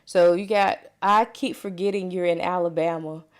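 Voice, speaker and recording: A woman's voice: lowish voice, fairly even intonation, normal speed. A woman with a Southern US accent, a nurse tutoring students live, chatty and prone to side tangents as she walks through each step. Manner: chatty, digressive, talks step by step. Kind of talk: live dosage calculation tutorial.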